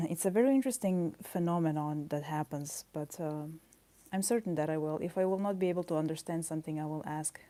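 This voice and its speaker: A woman chatting casually on a live stream while she draws at her desk, talking softly and thinking aloud with pauses and fillers. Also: low voice. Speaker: artist streaming her drawing. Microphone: camera mic.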